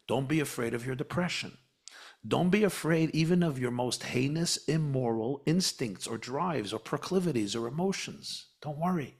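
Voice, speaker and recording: A gravelly man's voice explains spiritual ideas in an animated conversational way. He leans on repetition for emphasis and keeps a mid-range pitch. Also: normal speed. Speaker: spiritual teacher guest. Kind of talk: podcast conversation.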